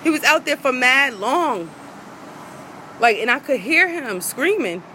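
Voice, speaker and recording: A woman's voice: sits high, animated, unhurried, pushed and bright, slight background noise, poor audio. A woman, a vlogger in an angry rant to her viewers, heated, profane and repeating herself.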